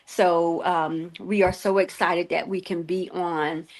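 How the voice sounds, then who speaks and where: A woman's voice: fairly low pitch, fairly even intonation, slow pace, darkish tone. A woman guest on a video call podcast, talking thoughtfully and gratefully, with frequent ums. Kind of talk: casual testimony chat.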